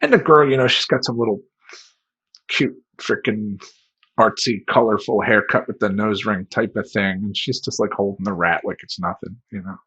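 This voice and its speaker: A man, a life coach, telling a comedic personal story in an animated, self-mocking and rambling way, on a dull lo-fi recording. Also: on the low side, normal speed, husky. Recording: dull lo-fi sound.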